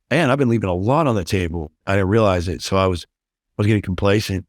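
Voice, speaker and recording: A man's voice: on the low side, fast, dry recording, studio quality. A middle-aged man talking candidly as a podcast guest, intense and blunt, swearing freely. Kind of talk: candid interview talk.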